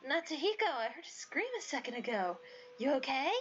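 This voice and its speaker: A woman's voice: high-pitched, very animated, fairly quick. A woman voicing a smug, teasing young man in a visual novel, with a very nasal voice and a sly manner. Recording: dull lo-fi audio, faint music.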